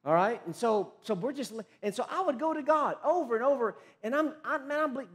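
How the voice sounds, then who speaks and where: A man preaching a sermon as pastor, swinging from loud emphatic phrases to low quiet ones, often restarting mid-phrase. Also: lively intonation, fast, hardly any pauses.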